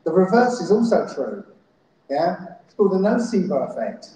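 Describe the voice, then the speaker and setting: In a very echoey festival hall, a man with a mellow, high-sitting voice and big pitch swings gives a live talk at a moderate pace. As a conference speaker, he keeps checking in with the audience using "yeah?" and "right?".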